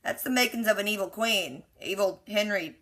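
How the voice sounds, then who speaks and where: Bright-voiced chatty woman recapping TV. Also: medium pitch, normal speed. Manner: chatty, sarcastic asides; quotes characters with lots of "like". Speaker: TV reaction recapper. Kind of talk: casual episode recap.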